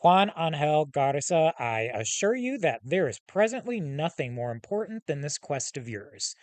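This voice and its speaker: A man voicing a huge, scarred male hellhound with a calm, commanding manner and measured, formal speech. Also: a little high, no room sound. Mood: formal, assured. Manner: measured, formal speech with slow, stressed titles.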